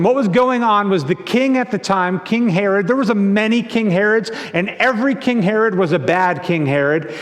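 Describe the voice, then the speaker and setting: A man preaching a sermon as pastor, telling the story in a lively conversational way and sometimes repeating his words. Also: high-pitched. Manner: animated storytelling with acted-out quotes. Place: church sanctuary. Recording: long church reverb.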